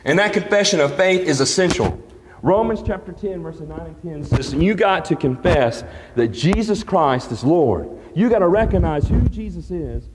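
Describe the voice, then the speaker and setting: Earnest preacher in a reverberant church. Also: male voice, expressive, normal speed, background noise. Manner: earnest, emphatic, raises pitch when quoting scripture. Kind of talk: sermon. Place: church sanctuary.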